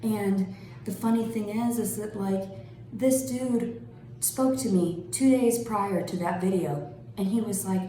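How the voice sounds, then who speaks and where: A woman ranting in a vlog, sarcastic and mocking, swearing and swinging between high taunts and low mutters. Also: slow, dark tone, a little hiss or hum. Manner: sarcastic, mocking, calls the listener "honey". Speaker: vlogger. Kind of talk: angry vlog rant. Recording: very echoey room.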